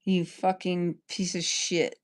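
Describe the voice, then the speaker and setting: A woman's voice: on the low side, flat delivery, slow. A woman livestreaming an angry, rambling rant, full of profanity.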